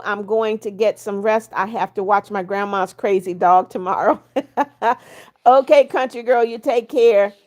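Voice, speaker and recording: A woman hosting a livestream, reading viewer comments aloud and answering them in a firm, blunt way. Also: on the high side. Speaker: livestream host.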